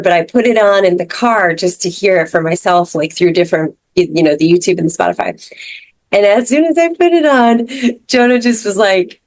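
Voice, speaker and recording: Woman, podcast co-host, casual rambling storyteller, mid-pitched voice. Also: fairly quick, dry recording. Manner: storytelling, many fillers and restarts. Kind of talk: casual chat.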